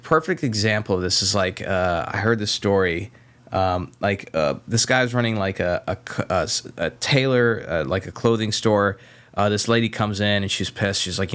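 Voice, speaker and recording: A man talks on a podcast as an interview guest, telling animated stories. He often stumbles and restarts his sentences. His voice sits a little low. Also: smooth. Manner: animated storyteller, repeats words when starting sentences. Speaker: podcast guest, medtech sales advisor. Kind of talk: casual chat.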